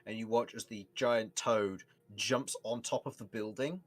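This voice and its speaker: Relaxed young man running a tabletop game. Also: fairly low pitch, a little slow, no echo. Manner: relaxed, laughs often, restarts sentences. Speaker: game master.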